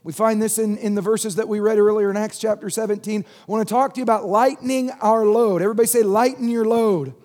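A man's voice: sits high, fairly even intonation, fast, few pauses, a little mellow. A middle-aged man, a pastor, preaching a sermon and having the congregation repeat phrases back to him. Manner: call-and-response preaching, asks congregation to repeat.

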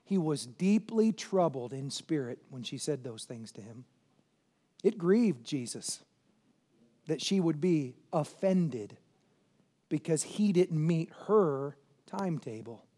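A male pastor delivers a sermon in a notably high voice. He preaches emphatically, throwing questions at the congregation and swinging between loud shouting and quieter, intense stretches. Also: animated, takes it slowly.

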